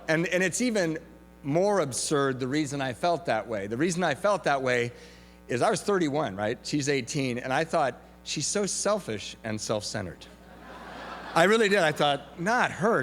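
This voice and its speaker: A middle-aged man with a Southern Californian accent, speaking candidly at a recovery meeting, self-mocking and full of halting restarts. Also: on the high side, a bit bright. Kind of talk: personal testimony talk. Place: large convention hall. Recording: hall echo, faint hum.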